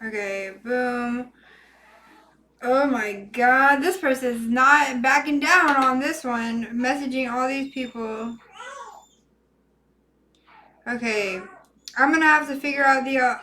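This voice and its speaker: A high-voiced woman hosting a casual livestream. She talks to her chat in a flustered way and swears freely. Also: steady tone, measured pace, sharp tone, slight background noise. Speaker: host.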